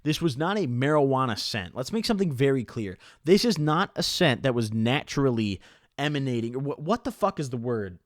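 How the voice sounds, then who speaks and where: A young man telling a story to his viewers in a rambling, profane, animated way with many fillers. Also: mid-range voice, moderate pace, no room sound, clean studio sound. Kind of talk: casual storytelling to camera.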